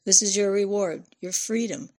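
A woman voicing a shrewd older woman who gives brisk, commanding instructions, with a slight fry in her voice. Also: mid-range voice, darkish tone, lightly acted. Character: shrewd older woman handing over cash.

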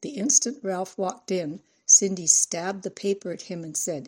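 A woman reading an audiobook aloud in a steady, even storytelling manner. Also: lowish voice, measured pace, few pauses, breathy edge. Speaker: narrator. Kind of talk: audiobook narration.

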